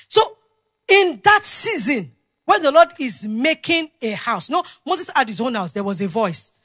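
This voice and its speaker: A woman preaching a sermon, asking the congregation questions and swinging between loud exclamations and quiet asides. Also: high voice, big pitch swings, a little slow, slightly rough, no echo.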